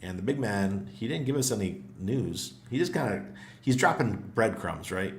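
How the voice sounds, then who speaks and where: Hoarse low-voiced man hosting a livestream. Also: animated, moderate pace, a little hiss or hum. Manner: chatty, laughs often, greets viewers. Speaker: livestream host. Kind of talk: casual livestream chat.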